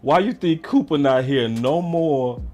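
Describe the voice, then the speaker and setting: Slow-talking animated male sports host. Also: a little high, soft background music. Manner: animated and theatrical, swings from loud hype to muttering asides. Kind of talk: livestream sports talk.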